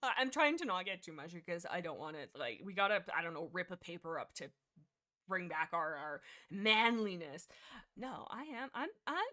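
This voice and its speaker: A woman hosting a livestream, chatting casually in a rambling, excitable way with lots of restarts. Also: fairly low pitch, normal speed. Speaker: livestream host.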